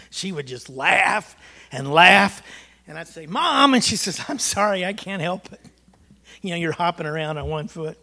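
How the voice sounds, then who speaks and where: A man's voice: a little high, pushed and bright. A man, a pastor, telling folksy stories about his mother during a church service. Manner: folksy, storytelling, chuckling. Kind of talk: personal remembrance in a church service.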